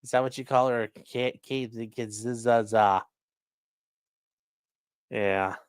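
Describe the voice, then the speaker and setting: A man's voice: mid-range voice, normal speed, clear, resonant tone, dry recording, studio quality. Chatty man with a Great Lakes accent. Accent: Great Lakes American. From Midwestern United States. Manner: chatty, rambling, reads viewer comments aloud. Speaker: livestream host. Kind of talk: casual livestream chat reading super chats.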